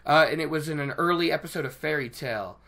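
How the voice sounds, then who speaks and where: An excitable book vlogger chatting to viewers about a fantasy novel in an ordinary mid-range voice. They ramble and trip over their own sentences, restarting thoughts and breaking into laughter at their own enthusiasm. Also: mid-range voice, quick pace. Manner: excitable, rambling, self-interrupting, laughs often. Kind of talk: casual book discussion to camera.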